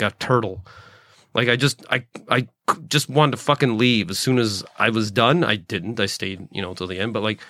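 A man in his late forties rambles through a solo podcast monologue, self-deprecating and quick to swear. His pitch sits in the middle for a man, and he often breaks off and restarts his sentences. The recording is dry and close, with no room sound. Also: a bit bright, no echo. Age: 40s. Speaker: podcast host, stand-up comedian.

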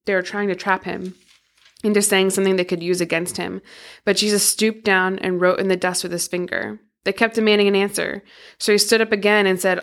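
A woman who co-hosts a podcast, reading scripture aloud in steady, measured narration. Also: medium pitch. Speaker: podcast co-host.

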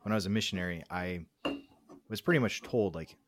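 A young man with a notably low, deep voice, speaking slowly and reflectively about his faith. He hesitates often and fills the gaps with small words. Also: noisy background. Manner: reflective, hesitant, many fillers. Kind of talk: casual faith discussion.

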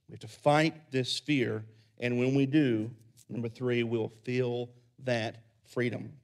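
A man preaching a sermon, acting out the people in the story with loud bursts and then dropping to soft, quiet endings. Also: mid-range voice, fairly even intonation, slow. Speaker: pastor.

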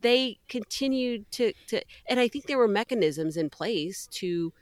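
A woman's voice: on the high side, lively intonation, measured pace, darkish tone, no room sound, studio quality. A woman co-hosting a faith podcast, talking in an earnest, preachy, rallying way. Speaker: podcast co-host.

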